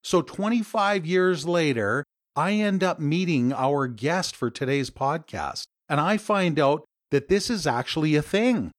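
A man's voice: fairly high pitch, expressive, a little slow, dry recording, clean studio sound. A Canadian man hosting a podcast interview, telling a personal story and welcoming his guest. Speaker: podcast host.

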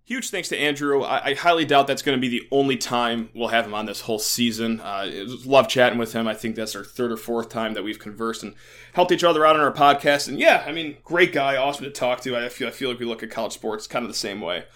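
A young man hosting a casual sports podcast over a call, excitable and jokey, laughing often. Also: medium pitch, fast talker. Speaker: podcast host.

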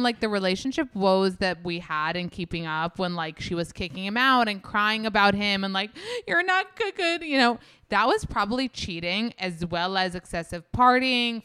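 A woman in casual podcast chat, talking candidly and swearing freely. Her voice is smooth and resonant, recorded dry and close with almost no room sound. She leans on "like" constantly as she talks. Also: medium pitch, fairly bright tone, no room sound. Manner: candid, profane, many "like" fillers. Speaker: podcast guest.

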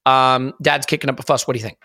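Bright-voiced podcast host, dry sound. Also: male voice, medium pitch, steady tone, dry recording. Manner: joking, self-mocking, quick. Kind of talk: casual podcast chat and ad reads.

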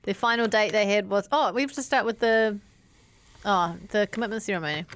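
A woman's voice: medium pitch, fairly quick, a little hiss or hum. Chatty New Zealand woman podcaster. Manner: animated, chatty, trails off and restarts. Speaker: podcast co-host. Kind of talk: casual chat.

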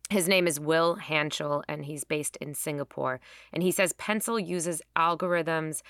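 A woman with a low, bright and crisp voice hosts a news podcast. She asks questions in a lively, bantering way. Her sound is dry and close. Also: a little slow, no echo. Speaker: host.

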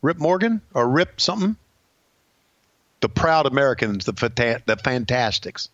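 A man co-hosting a casual wrestling chat, wry and quick to laugh along. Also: mid-range voice, big pitch swings, fairly bright tone, no room sound, dull audio. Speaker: wrestling podcast co-host.

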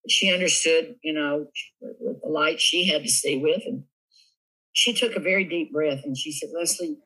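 An older man with a Southern US accent, telling lively, animated stories as a guest on an interview show. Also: a little high, normal speed, breathy edge, low-quality recording. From Southern United States. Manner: lively storyteller, animated, laughs often. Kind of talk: casual storytelling interview.

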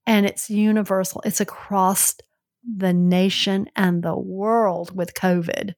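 A woman's voice: medium pitch, fairly even intonation, slow pace, a little mellow. A middle-aged woman with a Southern US accent, co-hosting a podcast in an earnest, heartfelt way. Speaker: podcast co-host. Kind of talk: casual podcast chat.

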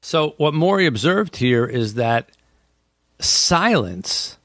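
A man's voice: fairly high pitch, sing-song, slow pace, fairly bright tone, dry recording, clean studio sound. A man hosting a casual talk, explaining ideas and acting out what people say. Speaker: host. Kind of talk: casual podcast chat.

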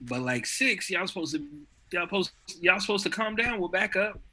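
A man's voice: high voice, animated, moderate pace, bright, forceful tone. A young man in a casual chat with friends, talking expressively about his own experiences. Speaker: friend in conversation.

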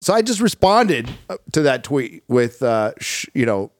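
A man's voice: mid-range voice, sing-song, unhurried, no echo, clean studio sound. Blunt middle-aged man, casual guest chat. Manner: blunt, outspoken, repeats words when starting. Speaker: podcast guest.

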